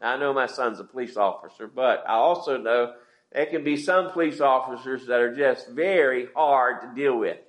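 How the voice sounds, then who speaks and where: Conversational preacher in an echoey church. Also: male voice, medium pitch, moderate pace. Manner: conversational preaching, asks the congregation questions. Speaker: pastor. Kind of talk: sermon. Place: church sanctuary.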